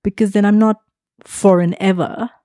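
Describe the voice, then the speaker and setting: Reflective British podcast host woman, mellow. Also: mid-range voice, steady tone, normal speed, no echo, clean studio sound. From Britain. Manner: warm, reflective, appreciative. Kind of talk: podcast interview and outro.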